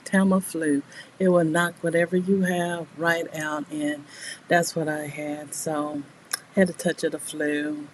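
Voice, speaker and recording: A middle-aged woman talks casually and at length to her viewers from a small bedroom desk, laughing often between stories. Her voice sits a little low, and a faint ambient hum stays under it. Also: level tone, unhurried, rough recording. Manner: chatty, rambling, laughs often. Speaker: writing streamer. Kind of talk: casual chat to live viewers. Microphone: new desk mic, not yet working well.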